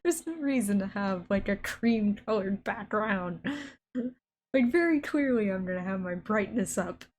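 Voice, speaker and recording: A woman's voice: mid-range voice, expressive, measured pace, darkish tone, slight background noise. A young woman hosting a let's play from home at a desk mic, chatty and exasperated with her computer. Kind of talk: casual gameplay commentary. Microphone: desk microphone.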